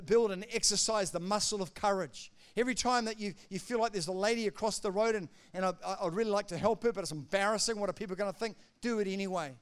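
A man with a high, clear voice and a resonant tone preaches as pastor. He's emphatic, lurching from loud declarations to quiet asides.

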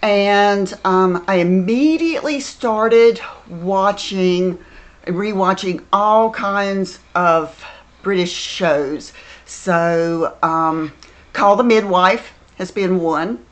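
Slow-talking Southern woman. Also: medium pitch. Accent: American Southern. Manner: thoughtful, many ums. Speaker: stage actor. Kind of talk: casual interview chat.

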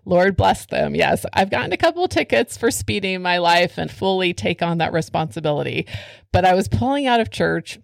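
A middle-aged woman co-hosts a faith podcast in a lowish voice, earnest and animated as she tells her stories. The sound is close and dry, with no room around it. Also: fairly quick, vocal fry, dry recording. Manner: earnest, animated storytelling with laughs. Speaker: podcast co-host.

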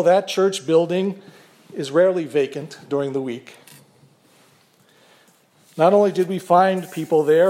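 An older man, a pastor, preaching a sermon in a measured, earnest way with gentle humor. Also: sits high.

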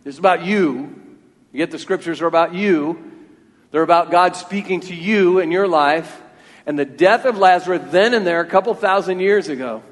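A man preaching a sermon from a church, earnest and talking freely, often repeating words as he restarts a thought. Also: on the high side. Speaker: pastor. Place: church sanctuary. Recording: long church reverb.

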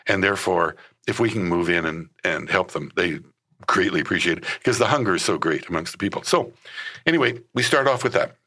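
A man's voice: low voice, a little fast, slightly rough. A man who leads a ministry, explaining his work in an interview and acting out the conversations he has. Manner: acts out conversations, animated storyteller. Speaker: ministry leader.

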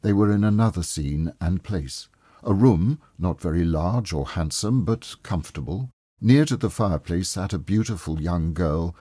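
A man narrating an abridged classic story in a measured, expressive audiobook reading. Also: low-pitched, slightly rough, no echo, clean studio sound.

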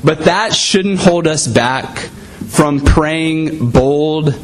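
A man's voice: a little high, drawn-out words, soft background music, low-quality recording. A man preaching a sermon in a conversational way, often saying "you know".

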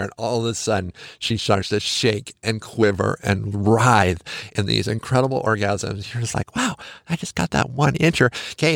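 A man's voice: mid-range voice, creaky, no room sound, clean studio sound. A man hosting a podcast, giving candid, joking, conversational advice. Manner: candid, joking, conversational with frequent "you know". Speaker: podcast host. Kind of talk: frank casual advice monologue.

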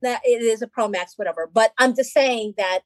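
A woman who acts and makes films, talking casually on a podcast, emphatic and quick to agree. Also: fairly high pitch, no room sound, faint music behind. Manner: emphatic, frequent short agreements. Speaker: actor and filmmaker.

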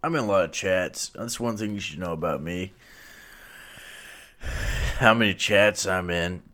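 A man co-hosting a podcast, joking in a slow drawl and laughing often. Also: low-pitched, sharp tone. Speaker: podcast co-host. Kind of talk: joking banter.

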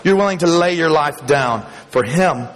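A male pastor with a rather high voice preaches to a congregation in church. He is emphatic, climbing louder and higher as he builds each point, with little chuckles between them. His voice rings with a long reverb that fills the hall. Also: animated, normal speed, soft background music. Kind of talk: sermon.

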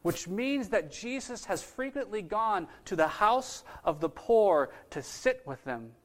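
A man preaches a sermon conversationally, asking his listeners questions. His high voice is animated and a little slow.

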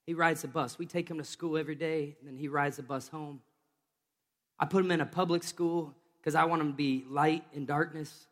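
A man preaching a lively sermon from a church stage, joking with volunteers between points. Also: fairly high pitch, a little fast, big-room sound. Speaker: pastor.

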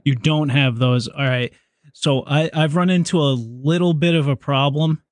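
A man's voice: fairly high pitch, normal speed, no room sound, studio quality. A man making a casual, chatty prank call and laughing along. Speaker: prank caller.

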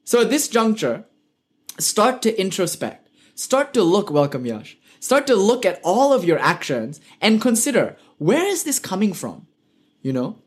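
A man with a British accent giving a live online lecture as a spiritual teacher, earnest and fond of rhetorical questions, with light joking asides. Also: high voice.

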